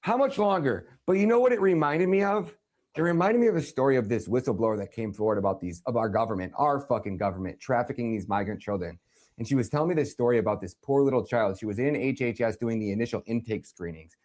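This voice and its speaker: A man hosting a livestream, delivering an angry political rant full of swearing, with sudden shouted bursts. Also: on the low side, animated, fast. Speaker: livestream host.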